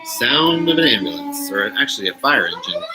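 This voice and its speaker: A man's voice: medium pitch, big pitch swings, fairly quick, heavy background noise. A man hosting a casual live stream from home, playful and laughing often as he runs a word game with viewers.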